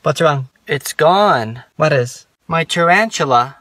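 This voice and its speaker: A woman's voice: low voice, lively intonation, slow pace, fairly bright tone, dry recording. A woman playing a mother who talks in a soothing, coaxing way. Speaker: mother in a sketch.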